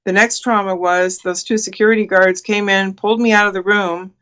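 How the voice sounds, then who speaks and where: A woman's voice: medium pitch, fairly even intonation, brisk, a bit bright, highs cut off. A woman in her sixties, a guest on a talk show, earnestly recounting a personal experience with many fillers and restarts. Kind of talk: telling a personal story in an interview.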